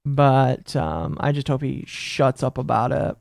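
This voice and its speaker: A man from Texas streaming live, chatting casually with his audience in a rambling, excitable way that tips into rants. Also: medium pitch, vocal fry, no room sound, studio quality, soft background music. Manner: rambling, excitable, quick to rant.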